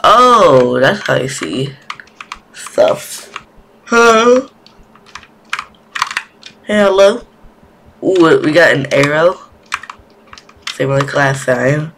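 Easily spooked gamer guy, voice swings way up and down, slow talker, loud keyboard clacking behind. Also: fairly high pitch, lively intonation, gravelly. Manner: jumpy, yelps and repeats himself when scared. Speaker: gaming video creator. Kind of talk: horror game let's-play commentary. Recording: keyboard typing noise behind voice.

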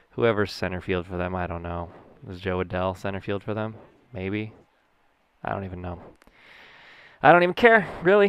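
A man's voice: on the low side, smooth, dry recording. A young man casually commentating his own baseball video game play, goofy and rambling with jokey asides. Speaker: gaming YouTuber.

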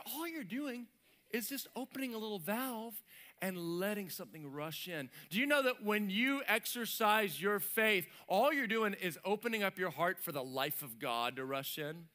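A man preaching a sermon as pastor, animated and lively, acting out little voices and sound effects. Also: high-pitched, moderate pace. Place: church stage.

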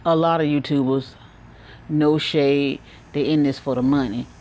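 A woman vlogging outdoors on her back porch, talking candidly and warmly to her viewers in a chatty, heartfelt way. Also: low-pitched, fairly even intonation, measured pace. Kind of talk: casual vlog talk to camera.

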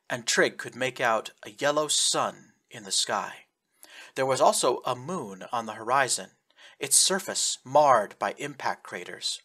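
Man reading a sci-fi audiobook, lively pitch, husky, steady. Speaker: audiobook narrator. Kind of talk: scripted narration.

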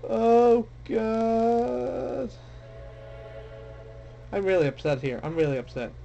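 Slow-talking excitable young man gaming. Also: extremely high pitch, creaky. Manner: excitable, dramatic, self-deprecating. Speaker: let's play gamer. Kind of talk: casual game commentary, reading dialogue aloud. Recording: faint game music behind. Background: faint game music.

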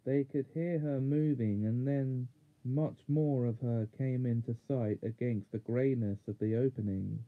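A man reading a children's fantasy chapter aloud in steady storybook narration. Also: mid-range voice, unhurried. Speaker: audiobook reader. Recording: narrow phone-like sound.

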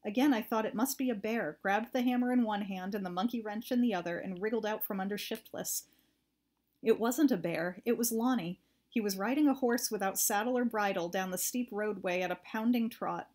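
A woman reading a first-person story aloud in a steady, plain narrating voice. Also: medium pitch, brisk. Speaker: audiobook reader.

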